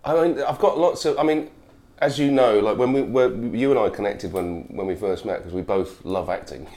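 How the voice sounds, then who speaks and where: A man's voice: lowish voice, normal speed, dark tone. A man, an actor guest, chatting casually in an interview with lots of fillers and restarts. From United Kingdom. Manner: chatty, rambling with many fillers.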